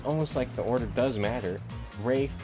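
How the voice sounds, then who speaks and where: A man's voice: mid-range voice, normal speed. Playful man reading a game aloud. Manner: playful, joking, frequent self-corrections. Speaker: game streamer reading all parts. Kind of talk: casual game playthrough commentary. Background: music.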